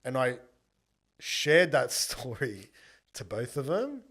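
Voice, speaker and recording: Guy, podcast guest, straight-talking storyteller, mid-pitched, swears, acts out dialogue. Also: slow pace, husky. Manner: animated storyteller, acts out both sides of conversations; blunt and profane. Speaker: podcast guest, buyers agent.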